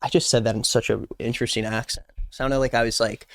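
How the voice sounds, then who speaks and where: A man's voice: mid-range voice, fairly even intonation, quick pace, a bit bright, no echo, studio quality. A man in his twenties giving playful, jokey casual commentary as a YouTube host. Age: 20s. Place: Los Angeles.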